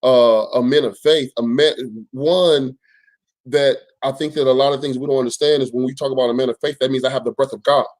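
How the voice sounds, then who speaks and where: A man who is an apostle, speaking as a guest in a casual faith talk, measured and deliberate. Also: medium pitch, steady tone, darkish tone. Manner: measured, deliberate, asks "you get what I'm saying?".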